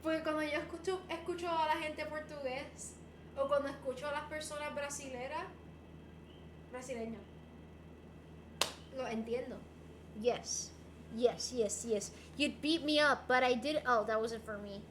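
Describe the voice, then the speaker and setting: A woman's voice: high voice, normal speed, pauses often, noisy background. A young woman chatting casually on a livestream, answering viewer messages in a bubbly, giggly, playful way. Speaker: streamer. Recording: roomy echo.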